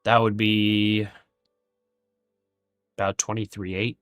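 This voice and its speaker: A man's voice: on the low side, flat delivery, slow, fairly bright tone, no room sound, studio quality, faint music behind. A man streaming his day trading live, thinking aloud through figures with candid self-criticism.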